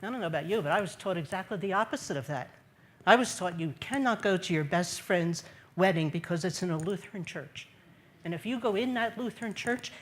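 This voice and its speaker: A woman giving an earnest faith talk to a gathered audience in a large room, repeating key phrases and putting questions to her listeners. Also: mid-range voice. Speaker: speaker at a church gathering.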